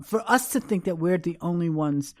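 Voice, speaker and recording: An older woman from New York, a podcast guest, recounting memories in an animated, emphatic way. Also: on the low side, normal speed, no echo. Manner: animated, emphatic, acts out quotes. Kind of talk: casual storytelling interview.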